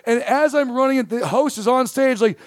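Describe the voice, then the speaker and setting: A man, a comedian, telling a story in casual chat, animated and profane, acting out the quoted lines. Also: very high-pitched, moderate pace, dry recording, studio quality. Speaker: comedian guest.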